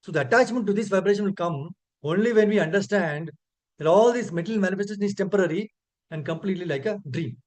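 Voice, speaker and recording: Male preacher, Indian English accent, pitched high, earnest teaching tone with slow chanted recitations. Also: a little mellow. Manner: earnest, asks listeners "correct?". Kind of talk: scripture class.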